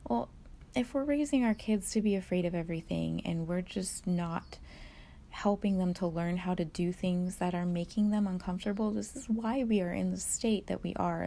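Brief: woman, lowish gravelly voice, mellow tone, earnest and emphatic monologue. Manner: earnest, emphatic, quotes kids in high voices. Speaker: religious commentator. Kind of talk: casual monologue on prophecy.

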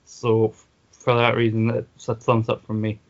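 A man chats on a casual podcast, his delivery steady and full of "like". His pitch barely moves, and the recording sounds dull and lo-fi. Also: moderate pace. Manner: steady, leans heavily on "like". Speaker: podcast guest and fellow host. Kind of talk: casual podcast review chat.

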